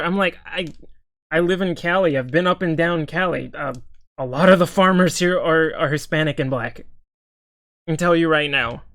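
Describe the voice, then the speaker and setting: A man's voice: on the high side, fairly bright tone, no room sound, studio quality. A young man giving heated reaction commentary on a video, often stammering and repeating words. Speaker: political commentator.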